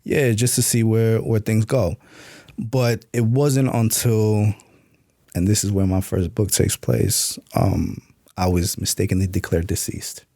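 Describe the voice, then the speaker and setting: Gravelly low-voiced man telling stories. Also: flat delivery, unhurried, mellow, no echo, studio quality. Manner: laid-back, acts out quoted voices in stories. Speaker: author and podcast guest. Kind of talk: casual storytelling interview.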